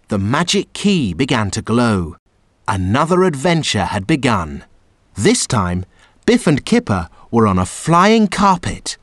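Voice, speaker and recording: Male storybook reader, expressive and sing-song, very lively pitch, dead-dry recording. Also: dry recording. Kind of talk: children's story read-aloud narration.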